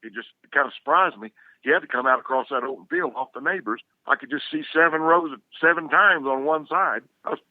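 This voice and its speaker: A man's voice: fairly high pitch, a little fast, dry recording. An older man, a guest telling a rambling, folksy story full of restarts. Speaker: guest, outdoor TV hunter. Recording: dry, tinny phone-like sound.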